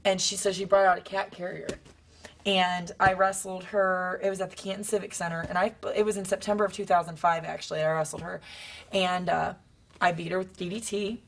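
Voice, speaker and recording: A young woman wrestler telling stories in a casual interview, acting out quotes with sudden high bursts. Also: level tone, brisk, creaky.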